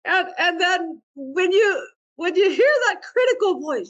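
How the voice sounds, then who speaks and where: A woman's voice: very high-pitched, expressive, a little slow, dull audio. A woman giving a dharma talk, playful, laughing often and asking questions of her listeners. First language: Vietnamese. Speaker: meditation teacher and therapist.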